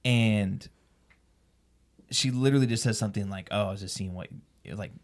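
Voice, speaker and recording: A man's voice: lowish voice, moderate pace. A man sharing his marriage story in a candid interview, rambling with many restarts. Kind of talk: candid personal testimony in an interview.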